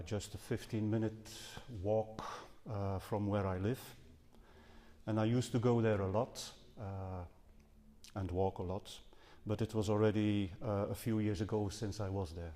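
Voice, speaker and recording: Earnest low-voiced man in a reverberant hall. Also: moderate pace, warm tone. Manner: earnest, with some hesitations and self-correction. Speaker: Buddhist speaker. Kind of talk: dharma talk to a live audience. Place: seminar house hall.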